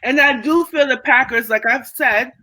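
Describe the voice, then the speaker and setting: A woman's voice: high voice, normal speed, bright, forceful tone. A woman co-hosting a sports podcast, arguing her picks assertively and holding the floor in casual debate. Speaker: podcast co-host.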